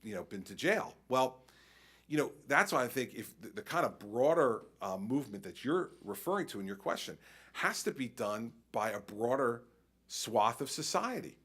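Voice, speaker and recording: A man's voice: mid-range voice, normal speed, husky. A man serving as governor who answers a conference question by telling stories and acting out his exchanges with people. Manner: animated storytelling, acts out exchanges. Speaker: state governor.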